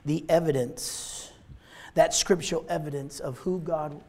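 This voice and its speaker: A man's voice: fairly high pitch, steady tone, unhurried, a little mellow. A man preaching a sermon as pastor, emphatic and repetitive, driving his points home.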